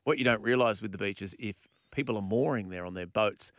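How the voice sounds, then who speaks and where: A man's voice: fairly low pitch, fairly quick, no echo. An Australian man co-hosting a radio show, telling stories in casual banter and laughing often. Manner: animated storyteller, laughs often. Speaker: radio co-host.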